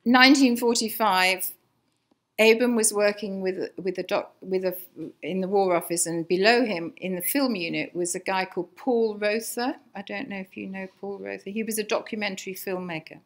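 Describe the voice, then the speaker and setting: A woman's voice: medium pitch, fairly even intonation, moderate pace. An older English woman giving a chatty, anecdotal lecture to an audience, with many fillers and restarts. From England. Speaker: lecturer, designer's daughter. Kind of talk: illustrated public talk. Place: archive lecture room before an audience.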